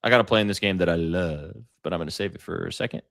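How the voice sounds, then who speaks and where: A man hosting a sports betting show, pitching his picks casually and addressing chat directly. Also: racing, creaky, a bit bright, no echo, clean studio sound. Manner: hyped, talks to chat directly.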